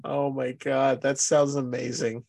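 A man's voice: medium pitch, little pitch movement, unhurried, gravelly, darkish tone. A man appearing as a podcast guest, chatting casually and playfully, often laughing and agreeing.

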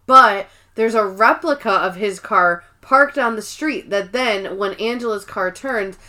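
A woman at an ordinary middle pitch chats through a TV episode recap. She talks in a loose, animated way, swears now and then, and keeps the story moving. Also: unhurried. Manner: animated retelling, slips into quoted character voices, swears casually. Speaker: podcast co-host. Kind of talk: casual episode recap chat.

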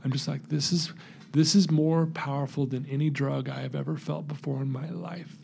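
A man telling his recovery story in an interview, earnest and animated, acting out the voices in his story. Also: on the high side, moderate pace, vocal fry, a little hiss or hum.

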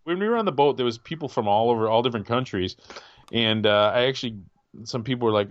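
A man's voice: mid-range voice, lively intonation, quick pace, no echo, lo-fi sound. A man in his forties co-hosting a podcast, rambling and chatty, often trailing off and restarting. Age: 40s. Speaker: podcast co-host. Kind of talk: casual chat.

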